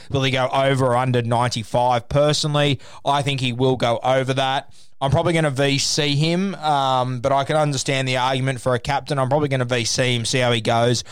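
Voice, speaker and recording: A man chats through his rugby league picks in a casual, opinionated way, with the odd filler. His voice is smooth and clear. The sound is dry and close. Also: medium pitch, no room sound. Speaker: rugby league tipster host. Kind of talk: casual podcast sports tips.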